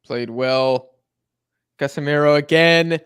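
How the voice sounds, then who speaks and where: A young man co-hosts a live football watch-along, relaxed as he calls the play as it unfolds and chats between moves. His voice sits on the high side, slow, clear and resonant, with studio quality and no echo.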